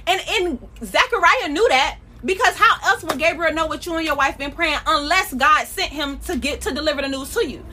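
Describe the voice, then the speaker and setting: A young woman preaches casually on her podcast, talking in a lively, slangy way and often breaking into laughter. Her voice sits high and bright and carries a lot of energy. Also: brisk, few pauses, a little hiss or hum. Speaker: podcast host.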